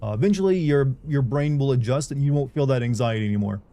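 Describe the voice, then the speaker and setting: A man's voice: mid-range voice, fast talker, mellow. A young man chatting casually on a livestream, rambling and candid as he talks to his viewers.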